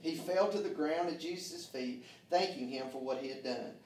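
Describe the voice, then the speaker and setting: In a church sanctuary, a man delivers a fervent, folksy sermon, using call-and-response with the congregation and folksy grammar. The pastor's somewhat high, slightly mellow voice moves at a normal speed. The recording is roomy and distant, with a little hiss or hum.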